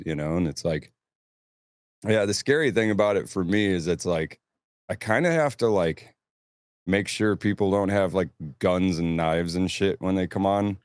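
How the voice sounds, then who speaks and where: A man's voice: sits low, moderate pace, darkish tone, clear, resonant tone, no room sound. A man casually telling rambling, profanity-laced stories about touring. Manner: rambling storyteller, swears freely. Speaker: touring band crew member. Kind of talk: casual podcast chat.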